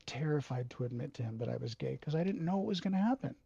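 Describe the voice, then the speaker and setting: A man telling a personal story in a halting, emotional way, swearing freely. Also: mid-range voice, gravelly, mellow, slightly rough, dry recording, muffled recording. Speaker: video host.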